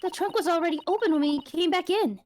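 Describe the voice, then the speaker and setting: A woman's voice: extremely high pitch, quick pace, background noise, pitched above the performer's own voice. A woman voicing a polite young woman in a game. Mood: earnest.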